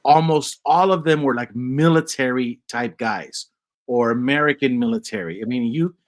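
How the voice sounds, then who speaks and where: A man with a mid-range voice speaking at normal speed hosts a casual chat podcast. He rambles through stories, full of fillers and restarts.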